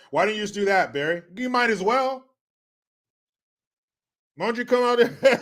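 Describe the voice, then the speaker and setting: A man's voice: high voice, big pitch swings, moderate pace, long pauses, a bit bright. A man hosting a profane political commentary rant, mocking and laughing often. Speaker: show host.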